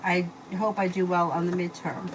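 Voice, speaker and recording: Her voice sits lowish, with little pitch movement and a moderate pace. During a live-stream tarot session at home, she voices each viewer question and answers casually with fillers, on a noisy home recording.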